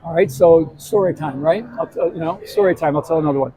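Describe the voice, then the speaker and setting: Mellow-voiced man telling a gambling story. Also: a little high, fast, poor audio. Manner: animated anecdotes with many restarts and asides. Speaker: show host and gambling expert. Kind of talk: casual storytelling chat. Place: live show at a casino hotel.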